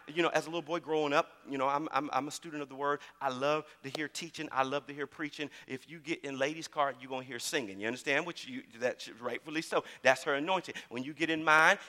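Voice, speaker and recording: A man preaching a sermon in a church, calling out to the congregation and repeating phrases as he builds to shouts. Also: fairly high pitch, long reverb tail. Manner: call-and-response preaching, repeats words, rising to shouts. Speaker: pastor.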